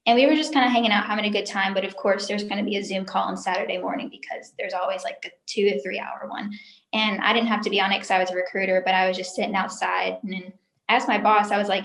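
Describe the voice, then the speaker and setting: A woman's voice: medium pitch, fairly even intonation, fast, fairly bright tone. Emotional young woman in an echoey room. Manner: emotional, talkative, lots of "like" fillers. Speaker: interview guest, former sales recruiter. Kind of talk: candid personal story in an interview.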